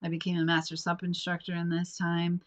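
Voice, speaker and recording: A woman's voice: on the low side, monotone, brisk. A young woman with a stuffy nose hosting a casual solo podcast at home, rambling and chatty with many fillers. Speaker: podcast host. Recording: dull lo-fi sound.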